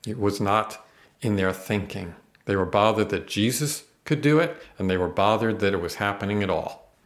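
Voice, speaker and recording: A man's voice: lowish voice, normal speed. A man teaching the Bible on a podcast, earnest and emphatic, reading verses aloud and explaining them.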